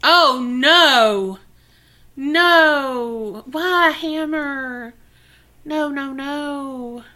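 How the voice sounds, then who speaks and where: A woman's voice: sits high, drawn-out words, pushed and bright. A woman co-hosting a podcast, reacting to a crime story with short shocked remarks and backchannels. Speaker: podcast co-host. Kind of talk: casual chat, reacting.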